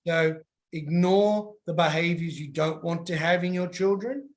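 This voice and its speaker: A man's voice: a little high, a little slow. A man giving casual coaching advice and acting out little voices as he tells stories. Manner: animated, acts out voices in his stories.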